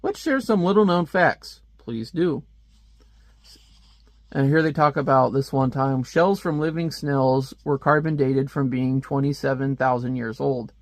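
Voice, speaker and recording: A man's voice: medium pitch, measured pace, no echo. A man giving casual, joking commentary while reviewing a comic book page by page. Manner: chatty, joking asides.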